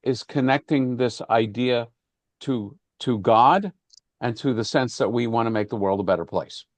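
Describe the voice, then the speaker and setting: Man teaching a relaxed discussion class. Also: medium pitch, moderate pace, dry recording. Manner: conversational, with frequent restarts and fillers.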